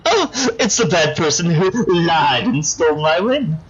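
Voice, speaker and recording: A man's voice: a little high, big pitch swings, measured pace, a crowd in the background, pitched above the performer's own voice. A man voicing a whiny, childish female villain in a video game, who talks in a petulant, squealing way, on a dull lo-fi recording.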